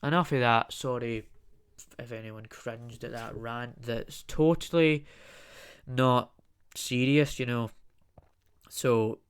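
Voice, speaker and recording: A man's voice: mid-range voice, fairly even intonation, slow, pauses often, clear, resonant tone. A young adult man hosting a solo podcast, rambling and ranting jokingly, with frequent swearing. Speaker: podcast host.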